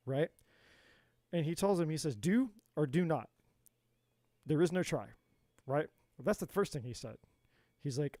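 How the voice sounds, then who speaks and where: A man's voice: a little high, moderate pace, long pauses, mellow, no room sound. A man giving a live-stream tarot reading in an emphatic, repetitive, motivational way. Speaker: tarot reader.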